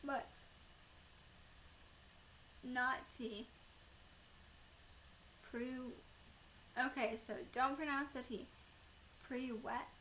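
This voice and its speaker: Young female streamer, casual chatty delivery with fillers, unhurried pace, bright tone. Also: sits high, steady tone, a little hiss or hum. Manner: chatty, rambling, many fillers and laughs. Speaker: live streamer. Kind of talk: casual chat with live chat viewers.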